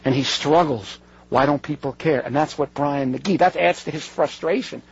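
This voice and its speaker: A man's voice: on the high side, normal speed, vocal fry, breathy edge. A man giving a conversational talk to an audience, digressive and earnest, often breaking off mid-sentence and circling back. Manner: digressive, self-interrupting, earnest. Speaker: speaker addressing an audience. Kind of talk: conversational talk with read-out quotes. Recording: dull lo-fi recording.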